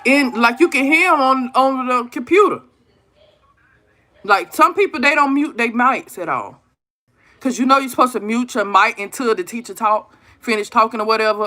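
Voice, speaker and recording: A woman in her thirties hosting a live stream, talking casually and animatedly to her viewers about her kids' online classes. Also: fairly high pitch. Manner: animated storytelling, talks straight to viewers as "y'all".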